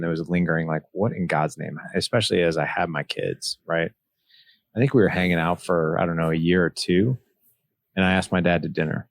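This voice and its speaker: A man's voice: low-pitched, no room sound. A man as a podcast guest, earnestly telling a personal story and retelling past conversations. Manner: earnest, retells dialogue with "he's like".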